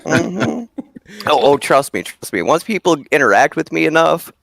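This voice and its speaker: A man's voice: fairly high pitch, big pitch swings, normal speed, creaky, fairly bright tone. A man co-hosting a casual live-stream discussion, giving blunt opinions and laughing easily. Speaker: co-host.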